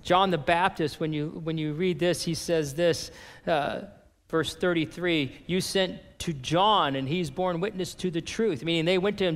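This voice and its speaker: A man preaching a sermon as a pastor, reading and paraphrasing scripture with animated emphasis. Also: high-pitched, moderate pace, big-room sound.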